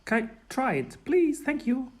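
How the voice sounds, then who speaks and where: A man speaking casually, halting and repeating his words as he makes requests. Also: extremely high pitch, sing-song. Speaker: video creator talking to an AI.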